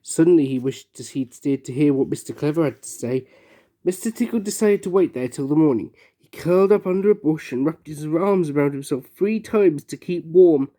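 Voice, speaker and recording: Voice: medium pitch, moderate pace. A reader telling a children's picture-book story aloud, gasping for effect at dramatic moments. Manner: expressive, gasps for effect.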